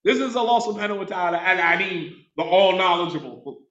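A man's voice: high-pitched, expressive, fairly quick, a bit bright, recorded from a distance. Man, emphatic lecturer, Arabic recitation and translation, echoey room. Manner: passionate, emphatic, call-and-response asides. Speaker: religious teacher. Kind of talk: Islamic lecture, conversational. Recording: echoey, slightly dull room recording.

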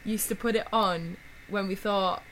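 A woman's voice: mid-range voice, steady tone, unhurried, fairly bright tone, slight background noise, rough recording. A woman from Britain co-hosting a podcast, giggly and chatty. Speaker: podcast co-host. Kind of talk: casual chat.

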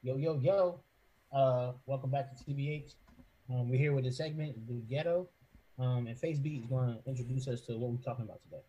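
A man's voice: medium pitch, brisk, warm tone, muffled recording. A man hosting a podcast, laid-back and slangy, with lots of ums and uhs. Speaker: podcast host. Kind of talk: casual podcast chat.

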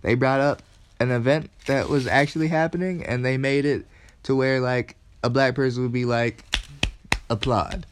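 A man's voice: medium pitch, steady tone, normal speed, background noise. Guy cohosting a chill podcast, swears a bunch, laughs a lot, regular voice. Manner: loose, profane, laughs a lot. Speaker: podcast co-host. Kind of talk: casual chat.

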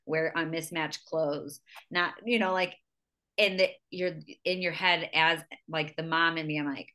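A woman's voice: sits low, steady tone, unhurried, pushed and bright. A woman in her thirties hosting a podcast, speaking in a candid, emphatic way and swearing now and then. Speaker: podcast host. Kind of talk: casual podcast conversation.

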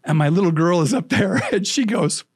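A middle-aged man spinning animated anecdotes as a podcast guest. His voice sits a little higher than most men's, and he jumps into quoted lines and breaks into frequent laughs. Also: a little fast, slightly rough. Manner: lively, acts out quotes, laughs often. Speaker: storytelling coach, podcast guest.

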